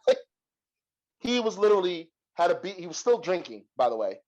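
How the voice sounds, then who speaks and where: A young adult man hosting a podcast and telling a long story in a profane, animated way, laughing often. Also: sits high, a little fast, pauses often, low-quality recording. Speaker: podcast host. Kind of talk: casual storytelling.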